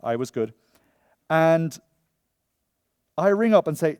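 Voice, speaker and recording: A man giving a conference talk and taking audience questions, jokey and animated, often telling funny stories and acting out the voices of the people in them. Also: a little high, takes it slowly, long pauses, smooth, dry recording, studio quality. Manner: animated, acts out quoted voices. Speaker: conference speaker. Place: conference room before an audience.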